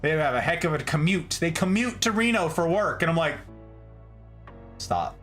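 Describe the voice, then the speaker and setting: A man from Nevada chatting casually on a livestream as he reads his chat, joking and swinging between high and low voices. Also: expressive, brisk, fairly bright tone, faint music behind. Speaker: streamer reading chat.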